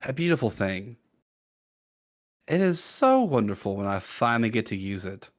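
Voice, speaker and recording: A man voicing a scheming male villain cleric who keeps secrets, talking softly and savoring his threats in a tabletop game. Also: fairly low pitch, big pitch swings, normal speed. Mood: menacing. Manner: soft, menacing, savoring.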